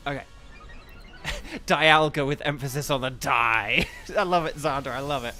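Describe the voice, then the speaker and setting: A young man live-streaming a game and chatting, excitable and flustered, rambling with lots of fillers. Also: mid-range voice, unhurried. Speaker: streamer and voice actor. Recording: faint game music behind.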